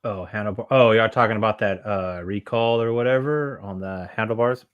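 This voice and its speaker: A man's voice: on the low side, moderate pace, clear, resonant tone, lo-fi sound. A man with a Southern US accent hosting a casual motorcycle livestream, rambling and laid-back, saying dude a lot. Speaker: motorcycle channel host.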